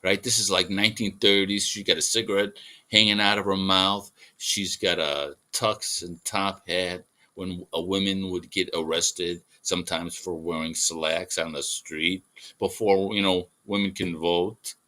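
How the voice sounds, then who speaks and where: Male artist-host, casual rambling monologue, lowish pitch, bright tone. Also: steady tone, a little slow. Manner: rambling, with fillers and chuckles. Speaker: artist hosting a livestream.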